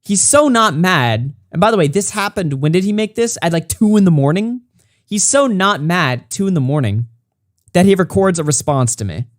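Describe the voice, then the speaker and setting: A man's voice: high-pitched, animated, normal speed, dry recording, studio quality. A man streaming, reacting to a critic's video with mocking, sarcastic, heavily profane commentary. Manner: mocking, sarcastic, heavy swearing.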